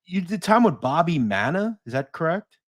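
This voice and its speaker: A man hosting an interview, asking measured questions with short affirmations. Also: a little high, sing-song. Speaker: podcast host.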